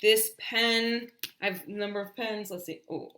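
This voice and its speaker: A woman's voice: medium pitch, fairly even intonation, echoey room, background noise. A woman teaching English shapes on a livestream, chatty, often singing and stretching out words for children to repeat. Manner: sings and drills words slowly, chatty asides. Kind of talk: animated livestream lesson.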